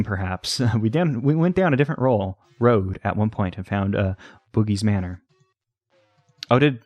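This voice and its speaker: A man's voice: on the low side, quick pace, a little mellow, no room sound. A man hosting a let's play, rambling and hesitant as he talks to the game's pets. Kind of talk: casual game commentary.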